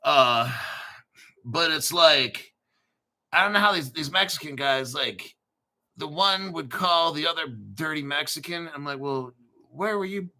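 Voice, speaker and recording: A man's voice: fairly high pitch, a little slow, bright, forceful tone. A middle-aged man hosting a livestream, chatting casually and rambling with profanity and frequent laughter. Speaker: livestream host.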